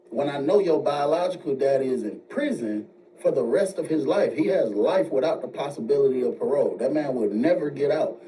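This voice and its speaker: A man telling a story in a casual way, jumping high in pitch when he quotes other people. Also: fairly quick. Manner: animated retelling, jumps high when quoting others. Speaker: storyteller in played video. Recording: distant mic with faint noise.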